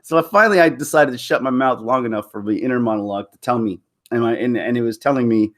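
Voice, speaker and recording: A man speaking on a live stream with a middle-pitched voice. He tells a personal story candidly, rambling and restarting his sentences as he goes. The delivery is loose and conversational, aimed straight at his viewers. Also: fast talker, a bit bright. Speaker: YouTube commentator.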